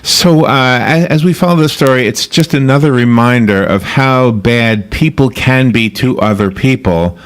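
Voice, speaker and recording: A man's voice: mid-range voice, moderate pace, few pauses. A man hosting a radio interview in a chatty, loose way, often restarting his sentences. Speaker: radio host.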